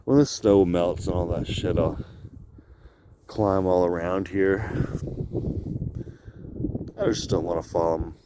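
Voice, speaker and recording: Slow, low-voiced profane man rambling outdoors. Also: noisy background. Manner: profane, drifting, laughs between thoughts. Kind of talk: rambling solo vlog monologue. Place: outdoors on icy cliff edge.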